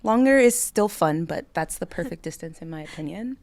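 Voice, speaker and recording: A woman guest on a podcast, chatting casually and laughing often, giving short relaxed answers. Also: fairly low pitch, brisk. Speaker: guest, pro cyclist.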